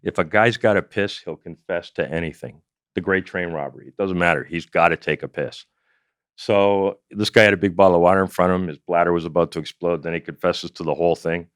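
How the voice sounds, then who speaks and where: A man's voice: sits low, fairly quick, clear, resonant tone, dry recording, studio quality. A middle-aged man from Canada, a comedian telling a profane story in an interview and acting out quotes. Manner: animated, profane anecdotal storytelling with acted-out quotes. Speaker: comedian and former investigator, guest.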